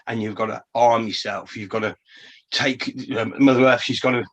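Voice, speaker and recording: A man's voice: mid-range voice, normal speed. A man chatting on a podcast, telling a rambling story with frequent swearing and many restarts. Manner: animated storytelling. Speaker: podcast co-host. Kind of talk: casual chat.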